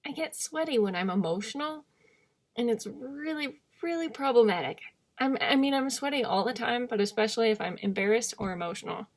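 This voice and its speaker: A woman's voice: fairly high pitch, lively intonation, fairly quick. A young woman vlogging in a candid, rambling monologue, self-deprecating and often trailing off into murmurs.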